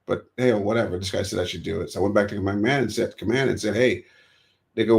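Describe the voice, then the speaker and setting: This American man talks fast, his voice on the low side with vocal fry. As a guest in a storytelling interview, he relates episodes from his past and acts out quoted dialogue.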